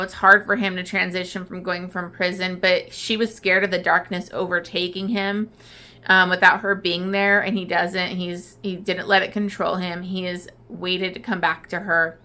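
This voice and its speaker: A woman's voice: fairly low pitch, sharp tone. A woman book vlogger casually retelling a novel's plot, rambling with many fillers and crying as she talks.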